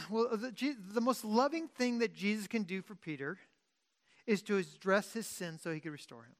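A pastor preaching a sermon in a conversational way, often restarting and correcting himself, and moving between loud emphasis and quiet asides. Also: mid-range voice, expressive, moderate pace.

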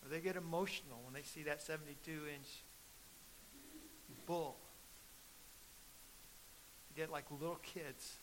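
Middle aged guy preaching, bright sharp voice, gets loud and emphatic. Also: a little high, steady tone, a little slow, pauses often, a little hiss or hum, poor audio. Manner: storytelling, building to loud emphatic peaks. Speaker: pastor. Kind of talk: sermon.

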